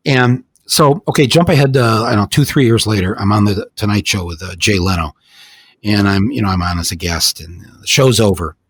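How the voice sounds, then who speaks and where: Husky-voiced older man telling stories. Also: on the low side, brisk, dry recording. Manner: animated storyteller, many restarts. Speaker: podcast host. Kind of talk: casual podcast conversation.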